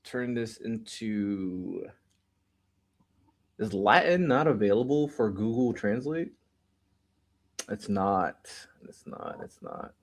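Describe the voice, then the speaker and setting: A man's voice: lowish voice, animated, slow, pauses often. Joking male streamer reacting live. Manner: joking, sarcastic asides. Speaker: political commentary streamer. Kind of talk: casual reaction commentary.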